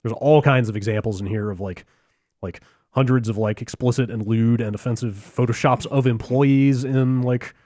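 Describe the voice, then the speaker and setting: A man's voice: mid-range voice, steady tone, moderate pace, dark tone, dry recording, clean studio sound. A man hosting a casual podcast chat, explaining a news story with many hesitations and uhs. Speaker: podcast host.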